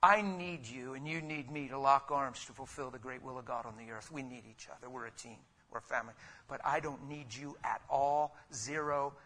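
A man preaching with a bright, forceful tone roughened by a husky edge. He pleads earnestly, leaning into each appeal to his listeners. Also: medium pitch, steady tone, normal speed. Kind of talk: sermon.

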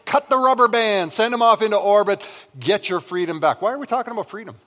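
A man's voice: sits high, quick pace, bright, forceful tone. A Canadian man preaching a sermon as pastor, telling comic stories and acting out family voices. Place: church sanctuary. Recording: long reverb of a large hall.

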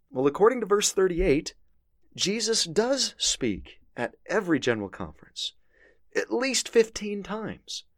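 A man's voice: medium pitch, dry recording, clean studio sound. A man teaching a scripture lesson, reading verses aloud with earnest emphasis. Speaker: religious teacher.

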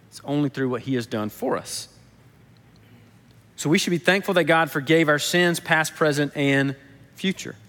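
A man's voice: on the high side, fairly bright tone. A man preaching a casual, conversational sermon, retelling parables in plain everyday speech. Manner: casual storytelling, acts out quotes. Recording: echoey hall.

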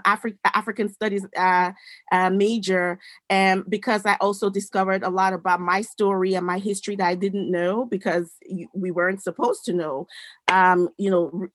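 Woman guest chatting away, lively storyteller, dry close sound, voice sits mid-range. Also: medium pitch, dry recording. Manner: animated, acts out quoted dialogue, many restarts. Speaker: interview guest. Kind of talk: conversational storytelling.

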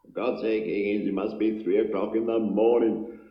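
A man playing a weary, exasperated gentleman. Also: on the low side, fairly even intonation, moderate pace, close to an everyday voice. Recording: muffled, echoey 1960s film soundtrack.

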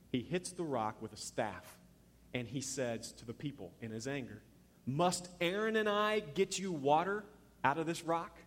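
A man preaching a sermon as pastor, telling the story in an animated way and acting out the voices he quotes. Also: mid-range voice, husky, in a large hall.

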